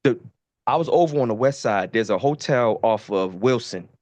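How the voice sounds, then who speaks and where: Podcast guy from baltimore, cursing a lot, animated storytelling, dry sound. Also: mid-range voice, normal speed, no room sound. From Baltimore, USA. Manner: profane and animated. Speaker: podcast co-host. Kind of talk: casual storytelling.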